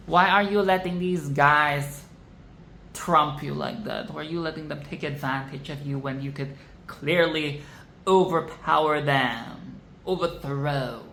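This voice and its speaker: A film vlogger in an exasperated, swear-filled rant who keeps repeating lines for emphasis. The talk drags slowly, and the voice rings in an echoey room over a faint hiss of background noise. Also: medium pitch, a bit bright. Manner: profane, exasperated ranting. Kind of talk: casual film commentary rant.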